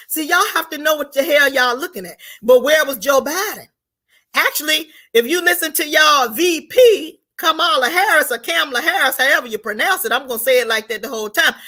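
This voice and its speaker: A woman giving an unscripted political commentary monologue, emphatic and preachy, firing rhetorical questions at her viewers and rising to shouts on key points. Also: sits high.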